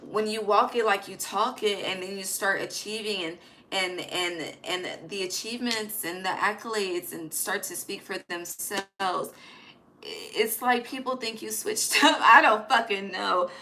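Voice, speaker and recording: Woman, tarot reader, bright voice, blunt and slangy, chatty at home at night. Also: mid-range voice, a little hiss or hum, rough recording. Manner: emphatic, swears freely, slangy asides. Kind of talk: casual spoken tarot reading.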